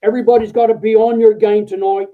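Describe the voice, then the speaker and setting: A man putting on a rough Australian accent to play a stern, huge three-star general barking orders at a room. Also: high voice, flat delivery, fast, voice pushed up, close to an everyday voice. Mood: commanding. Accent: Australian, done badly. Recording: tinny phone-like line.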